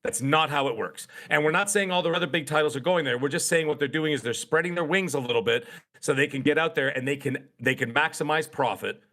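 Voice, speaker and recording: A man's voice: a little high, fast, pushed and bright. A middle-aged man appearing as a guest on a casual podcast, making his points emphatically and repeating words for effect.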